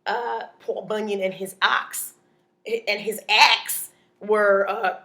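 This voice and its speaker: A woman comedian telling a comic story in an animated, punchy way, often adding "okay?". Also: medium pitch, slow pace, gravelly.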